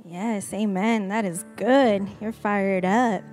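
A woman's voice: mid-range voice, steady tone, takes it slowly, darkish tone. A woman, a wife and mother, co-hosting a faith talk in a candid, self-deprecating, conversational way. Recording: long reverb with faint music behind.

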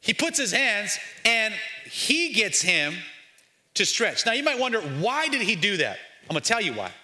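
Energetic preacher man, playful and fired up, bright edge, slightly high pitch. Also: moderate pace. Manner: lively, joking, calls out to the congregation. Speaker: pastor. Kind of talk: energetic sermon. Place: church.

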